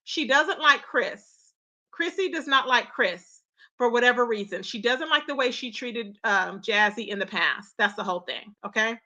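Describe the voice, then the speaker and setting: A woman hosting a casual live-stream gossip chat, animated and full of loud exclamations. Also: fairly high pitch, normal speed, lo-fi sound.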